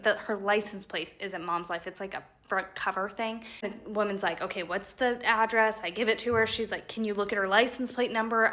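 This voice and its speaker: Chatty young woman with a bright voice. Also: medium pitch. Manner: chatty, animated retelling with quoted voices and sound imitations. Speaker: storyteller. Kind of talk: casual storytime monologue.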